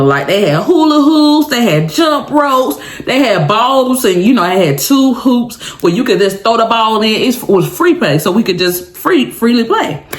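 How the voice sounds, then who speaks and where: Speaking with medium pitch in a roomy-sounding space, a woman vlogger shares a story casually. Dramatic and lively, she talks directly to the audience and laughs often.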